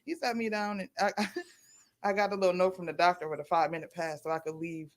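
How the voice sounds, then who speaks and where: A middle-aged woman from Niagara Falls, New York, a radio show guest who tells a personal story in an animated way, acting out other people's voices and laughing as she talks. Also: fairly low pitch, fairly quick. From Niagara Falls, New York, USA. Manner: animated, acts out quoted voices, laughs while telling.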